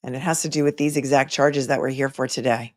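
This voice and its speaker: A woman's voice: extremely low pitch, fairly even intonation, fast, no room sound, studio quality. A woman hosting a casual livestream, chatting with viewers and making wry asides while she waits, talking into a phone. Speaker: livestream host. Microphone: phone microphone.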